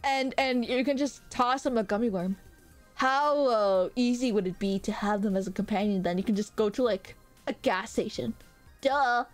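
High-pitched streamer girl rambling at her chat, lots of uhs, faint music behind. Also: normal speed. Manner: rambling, full of hesitant fillers. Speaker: VTuber streamer. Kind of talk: casual chat, reacting to chat. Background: faint background music.

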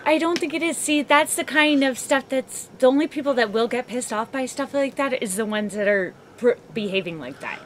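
A woman's voice: high voice, lively intonation, fairly quick, hardly any pauses, slight background noise. Playful, teasing female podcast co-host. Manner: laughs often, teasing and playful. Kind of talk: casual chat.

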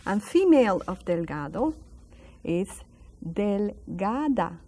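A Spanish teacher leads a classroom language lesson on a school broadcast, drilling words slowly and patiently. Her medium-pitched voice is warm and sing-song, and she sings out repeated words while encouraging and praising the viewers.

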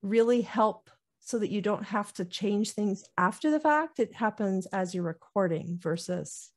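A woman's voice: mid-range voice, a little slow. A woman on a video call eagerly explaining a recording device to friends. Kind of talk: casual video-call chat.

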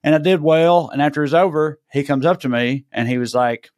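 A man with a Southern US accent, a comedian co-hosting a podcast and telling a story in casual chat, animated and jumping high when he gets indignant. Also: fairly quick, no room sound, clean studio sound. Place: podcast studio.

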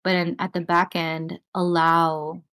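Calm woman guiding a breathing lesson. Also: on the low side, slow pace, clean tone. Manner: casual, calm guiding talk with many filler likes. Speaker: breathwork and voice teacher. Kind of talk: guided breathing lesson on a group call. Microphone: video call with noise cancelling.

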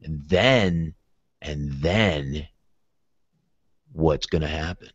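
A man's voice: rumbling low, very slow, breathy edge, no echo. A man hosting a podcast, chatting casually and jokingly, swearing freely and slipping into silly voices. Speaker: podcast host. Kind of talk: casual chat. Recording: dry dull lo-fi audio.

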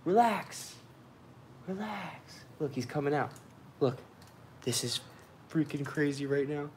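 A laid-back man streams live from his house and yard, talking to his pets and his viewers in a loose, swearing way. His voice sits at a middling pitch and is picked up by a phone camera. A faint noise hums underneath. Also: little pitch movement, normal speed. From United States. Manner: loose, swearing, talks to animals and chat. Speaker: pet keeper streaming live. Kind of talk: casual live stream chat. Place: home and backyard, in and out of doors.

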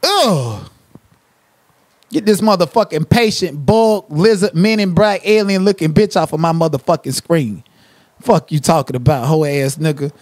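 A man's voice: on the high side, animated, normal speed, a little mellow, no echo. A man hosting a livestream, cursing and trash-talking someone in a confrontational rant. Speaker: livestream commentator.

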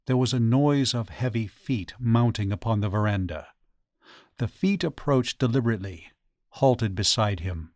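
A man narrating a ghost story audiobook in a measured, dramatic way. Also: lowish voice, expressive, no room sound, studio quality. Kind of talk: scripted narration.

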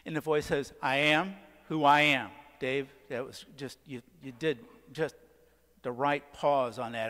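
A man preaching a sermon as pastor, asking the congregation questions and leaning on dramatic pauses. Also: on the high side, fairly bright tone. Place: church. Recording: long church reverb. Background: church sanctuary.

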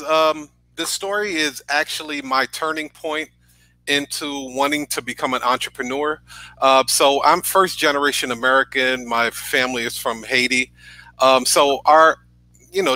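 A man from New York tells a personal story as a podcast guest over a video call. His voice is bright and forward, recorded dry with no room sound. He talks earnestly and keeps checking in with "right?". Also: mid-range voice, normal speed, dry recording, poor audio. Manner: earnest, says "right?" often.

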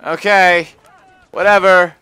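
A man giving live gameplay commentary on a stream, often frustrated and cursing with loud outbursts. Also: sits high, level tone, slow pace, clear, resonant tone. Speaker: gaming livestreamer.

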